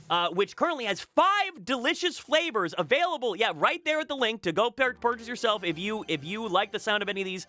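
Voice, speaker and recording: A man's voice: sits high, sharp tone. A man hosting a casual chat podcast, rambling and repeating words, laughing often. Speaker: podcast host.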